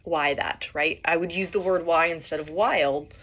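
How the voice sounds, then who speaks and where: A woman's voice: on the low side, a little fast, fairly bright tone. A middle-aged woman hosting a podcast, musing aloud in a rambling solo monologue and often tagging her points with "right?". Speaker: podcast host.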